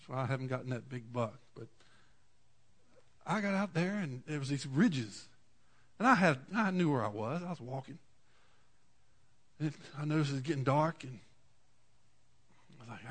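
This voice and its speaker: A man, preaching a sermon in a folksy storytelling way, moving from quiet asides to loud cries. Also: medium pitch, animated, normal speed, pauses often, husky. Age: 40s. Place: church.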